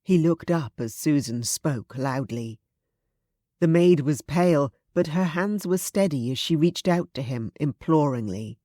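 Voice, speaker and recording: A woman narrating a historical romance audiobook in a measured, expressive reading. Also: deep voice, dry recording, studio quality.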